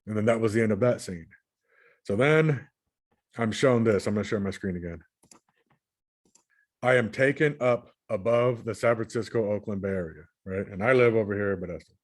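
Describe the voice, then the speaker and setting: A man from California with a somewhat low voice tells his dreams in loose, everyday speech. He circles back and restarts phrases often, talking as if to viewers on a shared screen stream. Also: moderate pace, long pauses. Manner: rambling, repeats and restarts words. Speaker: channel host recounting dreams. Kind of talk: casual spoken recounting while screen sharing.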